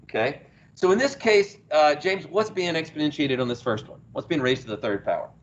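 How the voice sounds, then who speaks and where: A man's voice: a little high, a little fast, dull audio, a little hiss or hum. A male math teacher, lecturing a class, asking questions and praising the answers. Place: classroom, heard through a small speaker.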